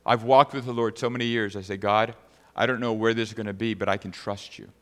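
A man's voice: on the low side, fairly even intonation, fast talker, long reverb tail. A man preaching a sermon as pastor, reading scripture aloud and then speaking conversationally to the congregation.

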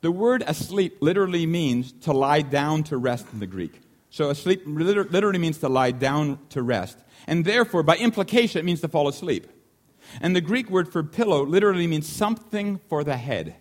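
A man preaching a sermon in an animated way, often repeating key lines for emphasis and acting out voices in the story. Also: fairly high pitch, a little fast. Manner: animated, acts out the disciples' shouting.

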